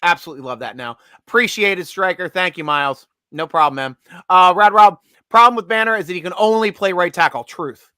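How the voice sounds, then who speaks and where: A man hosting a live fan stream, talking in an excitable, rambling way with frequent restarts. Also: high-pitched, fairly quick, smooth, no room sound, clean studio sound. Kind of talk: excited casual fan commentary.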